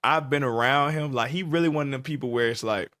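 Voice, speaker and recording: A man in his twenties, a podcast co-host telling a story in casual chat, animated and laughing often as he acts out what people said. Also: medium pitch, quick pace.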